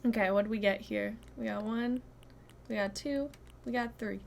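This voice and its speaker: A young woman streaming a game, chatting casually to her viewers, giggling and thinking out loud. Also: on the high side, fairly even intonation, moderate pace, gravelly, a little hiss or hum. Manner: chatty, giggly, talks to chat and herself. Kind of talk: casual gameplay chat.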